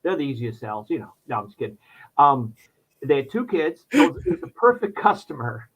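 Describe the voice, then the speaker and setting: A man telling a personal story on a podcast in casual chat, his voice jumping high when he acts out his younger self. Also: sing-song, fairly quick, slightly rough, poor audio. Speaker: podcast guest.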